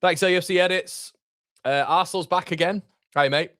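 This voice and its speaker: A man's voice: high-pitched, fairly even intonation, moderate pace, fairly bright tone, no room sound, clean studio sound. A man hosting a live football watchalong, chatting casually and reading viewer comments aloud.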